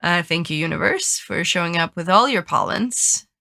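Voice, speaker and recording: A woman's voice: on the low side, animated, moderate pace, gravelly, sharp tone. A woman co-hosting a book podcast in casual chat, her voice stuffy and congested from allergies, with dry, wry asides. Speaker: podcast co-host.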